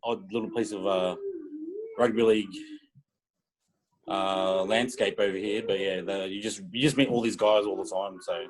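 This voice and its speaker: A man's voice: lowish voice, steady tone, normal speed, pauses often, low-quality recording. A man, a podcast guest telling rambling, laid-back stories in casual chat. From Australia.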